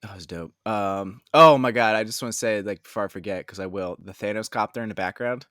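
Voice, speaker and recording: Excitable low-voiced guy recapping TV. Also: a little fast, dry recording, clean studio sound. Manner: excitable, filler-heavy, says "like" a lot. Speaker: podcast co-host. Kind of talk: casual TV recap chat.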